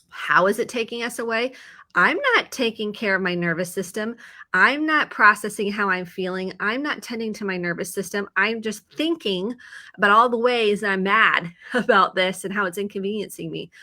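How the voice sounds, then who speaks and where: A woman therapist with a Midwestern American accent, calmly explaining and acting out inner thoughts in a casual video chat. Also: mid-range voice. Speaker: therapist guest. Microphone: video call.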